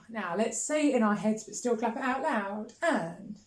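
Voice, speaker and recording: A woman's voice: a little high, animated, measured pace, hardly any pauses. Female music teacher, upbeat and encouraging, counts in and chants rhythms; roomy echo. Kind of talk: children's music lesson. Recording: echoey room with faint noise.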